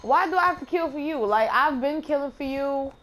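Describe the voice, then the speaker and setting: A woman's voice: high voice, brisk, fairly bright tone, soft background music. Trash-talking woman gaming. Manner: profane, trash-talking the game. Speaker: gamer streamer. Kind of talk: casual gameplay commentary.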